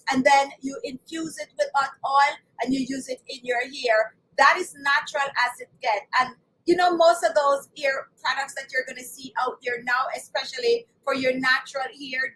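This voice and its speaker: A woman's voice: sits high, sharp tone, poor audio. A woman hosting a live beauty stream, talking in a chatty, emphatic way and repeating her key words as she speaks to viewers. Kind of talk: live-stream hair care talk.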